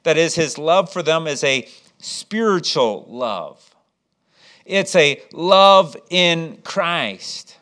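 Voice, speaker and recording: A man's voice: fairly high pitch, animated, very slow, fairly bright tone. A man preaching a sermon as pastor, with frequent restarts, rhetorical questions and rising emphasis.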